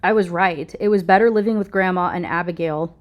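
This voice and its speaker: A woman reading aloud as a confident grown daughter who speaks in a crisp, pointed, coolly triumphant way. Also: lowish voice, fairly quick, dull audio, close to an everyday voice.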